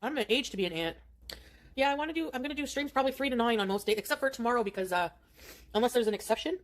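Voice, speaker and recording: A woman's voice: on the high side, expressive, rapid-fire. A middle-aged woman chatting on her own stream while eating, in a rambling way.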